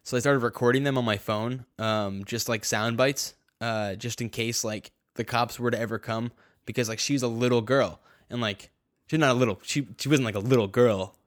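A young man in casual conversation, telling a personal story in a halting way, full of fillers, restarts and swearing. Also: medium pitch, fairly even intonation, no echo, clean studio sound. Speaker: guest telling his story.

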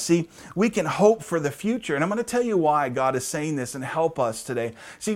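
A man preaching a sermon as pastor, emphatic, repeating key phrases and often asking the congregation "right?", slowing down to stress key lines. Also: fairly high pitch. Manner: slows down for emphasis.

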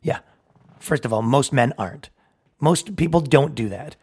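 A man's voice: medium pitch, expressive, moderate pace, darkish tone, slightly rough. A young man hosting a solo podcast, brash, profane and opinionated, acting out both sides of conversations and laughing at his own jokes. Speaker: podcast host.

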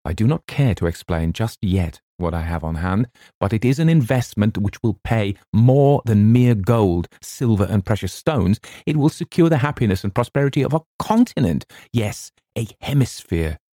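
A man voicing an agitated, grandiose young gentleman who pushes his voice high and tense in audiobook dialogue. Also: moderate pace, dry recording, studio quality. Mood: insistent. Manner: tense, rising to shrill excitement.

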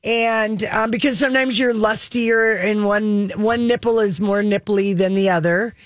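A woman co-hosting a radio show, chatting in a gossipy, animated, rambling way. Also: medium pitch, a little slow, no room sound, studio quality. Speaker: radio co-host. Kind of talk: casual radio chat.

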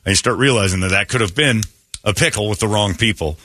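A man hosting a morning rock radio show, telling stories in a blunt, animated way. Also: fairly low pitch, fast. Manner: blunt, storytelling, animated retelling. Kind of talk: casual talk radio banter. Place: radio studio. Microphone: studio mic. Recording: dry close studio sound.

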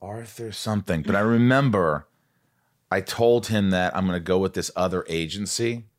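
A man's voice: low-pitched, moderate pace. A man hosting a podcast, chatting casually and animatedly, swearing freely and acting out his stories. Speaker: podcast host. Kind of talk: casual conversation.

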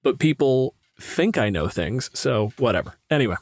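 A man's voice: medium pitch, expressive, normal speed, no echo. A young man from Canada, co-hosting a podcast as its game master, chatting casually in a rambling, self-deprecating way. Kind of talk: casual chat.

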